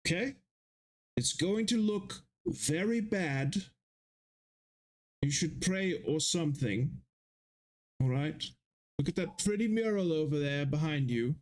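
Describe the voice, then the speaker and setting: A man voicing a nervous male healer in a tabletop game, stammering and hurried. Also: a little high, animated, a little mellow. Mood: urgent.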